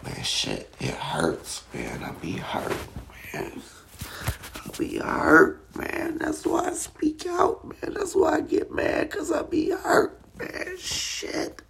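A woman hosting a podcast, speaking in a raw, emotional and confessional way. She drifts between tearful and hushed, and moves into prayer. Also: high voice, huge pitch swings, slow pace, vocal fry. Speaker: podcast host.

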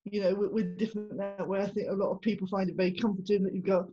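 A woman co-host talks as a guest on another podcast, animated and quick to laugh. Her voice has a husky, slightly breathy texture. She speaks at an ordinary middle pitch. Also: highs cut off, soft background music. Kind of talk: casual interview chat.

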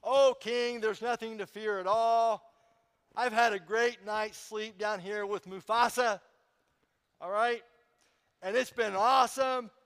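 A man's voice: high voice, fairly even intonation, slow pace, a bit bright, clean tone, in a large hall, pitched above the performer's own voice, full character voice. A man voicing a smug, smart-aleck male prophet who gushes sarcastically to a king. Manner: breezy, sarcastic, gushing.

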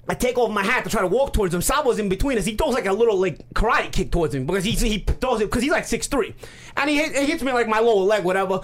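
Fast, animated male storyteller. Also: sits high. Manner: rambling, animated, many fillers. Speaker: podcast co-host. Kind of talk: casual storytelling.

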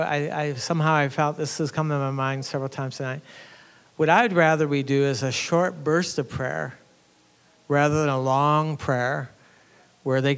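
A man's voice: on the high side, fairly bright tone, smooth. A man pastor giving a conversational teaching sermon, telling a story with earnest restarts. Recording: reverberant hall.

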